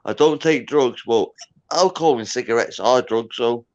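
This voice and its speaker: On a livestream, a drunk man from Scotland hiccups and rambles in rowdy banter as a guest. His mid-range voice has a darkish tone and a moderate pace, recorded with dull lo-fi sound.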